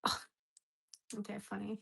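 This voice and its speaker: A woman's voice: medium pitch, completely flat delivery, a little slow, gravelly, sharp tone, slightly rough. A woman with an Australian accent chatting casually on a home livestream, rambling and talking to a dog between remarks.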